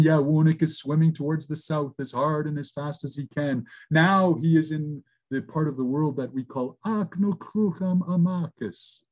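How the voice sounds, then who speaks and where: A man from Canada telling a traditional story over a video call, rhythmic with repeated phrases and slow pauses. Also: a little high, darkish tone.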